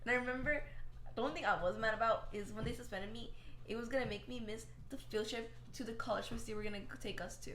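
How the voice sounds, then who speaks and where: A laid-back young woman co-hosting a casual podcast who mostly answers in short replies. Her voice is a bit high, and the room gives it a noticeable echo. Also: fast talker, a bit bright, a little hiss or hum. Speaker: podcast co-host. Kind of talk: casual chat. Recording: echoey room.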